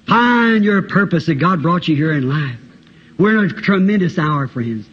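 A man's voice: a little high, animated, normal speed, husky. A man preaching a fervent, urgent sermon to a congregation, recorded on a dull lo-fi 1960s tape. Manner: fervent, urgent, breaks into song. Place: church with congregation.

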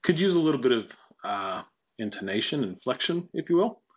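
A man walking through a software tutorial casually, thinking aloud and reading lines out to test them. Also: mid-range voice, very animated, a little fast, breathy edge. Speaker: tutorial presenter. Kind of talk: screen-recorded software tutorial.

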